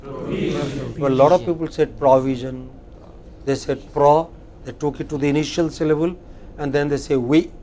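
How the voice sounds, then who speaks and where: A man's voice: on the high side, fairly even intonation, mellow, a little hiss or hum. A man with an Indian English accent leads a pronunciation drill in a university classroom. He is demanding and exacting, and he corrects each slip and drags the word out so the class can echo it back. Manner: demanding, corrects and repeats words slowly.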